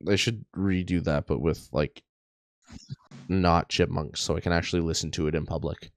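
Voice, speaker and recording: Gravelly low-voiced young man. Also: fairly even intonation, moderate pace, no echo. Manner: joking, rambling, says "anyways" a lot. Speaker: podcast co-host. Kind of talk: casual storytelling chat.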